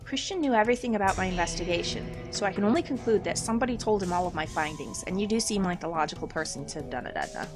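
A woman reading the lines of an earnest young nobleman who questions his servant calmly, in a game read aloud. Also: lowish voice, music in the background, natural voice. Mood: accusing. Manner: measured, questioning.

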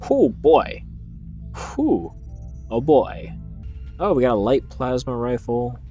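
A man's voice: medium pitch, expressive, measured pace, warm tone, muffled recording, soft background music. A man hosting a video game playthrough, talking casually in a goofy, rambling way with mock-grand announcements. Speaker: let's play host. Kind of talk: casual gameplay commentary.

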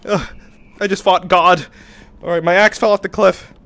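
A man streaming a game live, yelling reactions and making mock-heroic boasts at a desk mic. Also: sits high, fairly even intonation, normal speed.

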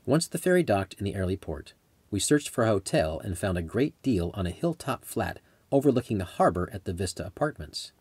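Husky, low-voiced memoir narrator. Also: male voice, a little mellow, dry recording. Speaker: author and narrator.

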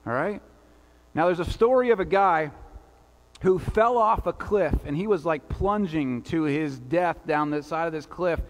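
A man's voice: fairly high pitch, unhurried. Man preaching in a reverberant church. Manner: conversational preaching with rhetorical asides. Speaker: pastor. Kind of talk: sermon. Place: church sanctuary.

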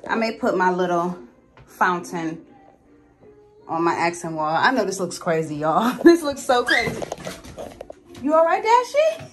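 A young woman vlogging casually from her bathroom at home, filming on a phone and chatting to viewers as "y'all". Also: on the low side.

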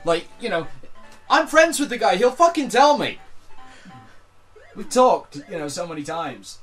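A man commenting casually on a retro game, bright and sharp in tone with a voice that rises and falls a lot. He jokes, swears and reacts loudly to the play, over quiet game music. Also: high voice, a little slow. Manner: animated, swearing, joking. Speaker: let's play co-host.

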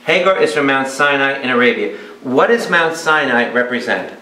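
A man who is a priest teaching a Bible study. He talks in a lively way and keeps asking his audience questions. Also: mid-range voice, moderate pace. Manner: animated, asks the audience many questions. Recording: echoey hall with faint noise.

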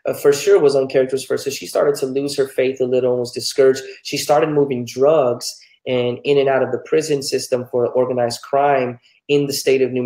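A man's voice: mid-range voice, a little mellow, reverberant, rough recording. A man from New Mexico, a pastor telling his life story candidly and earnestly in an interview. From New Mexico, United States.

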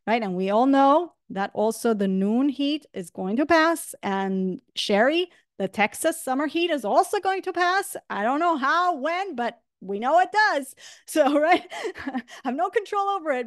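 A woman teacher giving an online class, animated and enthusiastic, often checking in with "right?". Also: high voice, no room sound, clean studio sound. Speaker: Torah teacher.

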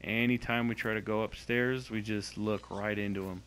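A man's voice: on the low side, fairly even intonation, moderate pace, fairly bright tone, a little hiss or hum, low-quality recording. Exasperated young man commentating gameplay. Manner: exasperated, swearing, sarcastic.

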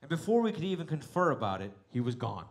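A man doing stand-up who acts out every reaction as he goes. His voice sits a little high and swoops up and down with lively energy. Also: quick pace. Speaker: stand-up comedian. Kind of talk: stand-up storytelling. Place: stage before a live audience.

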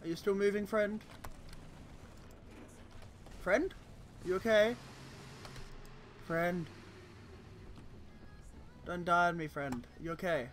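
Male game streamer, high and lively voice, slow easygoing delivery, chatty and profane. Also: a little hiss or hum. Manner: chatty, talks to teammates on screen, swears freely; cheerful, quick to laugh. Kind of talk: casual gameplay commentary.

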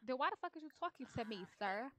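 A woman's voice: high voice, a bit bright. A woman voicing a sassy, foul-mouthed young girl who is indignantly picking a fight in a life-sim game. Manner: indignant, profane, rapid-fire questions.

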